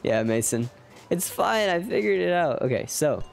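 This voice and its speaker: A young man with a fairly high, very animated voice and some vocal fry streams a game at a moderate pace. He chats with viewers in a rambling, self-deprecating way during casual live commentary, and faint game music plays.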